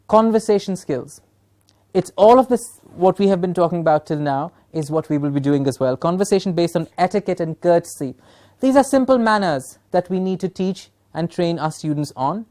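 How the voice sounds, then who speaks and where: A woman trainer from Punjab speaks, her voice sitting a little low. She lectures emphatically to a room of teachers, posing rhetorical questions and checking in with the class. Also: darkish tone. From Punjab, India.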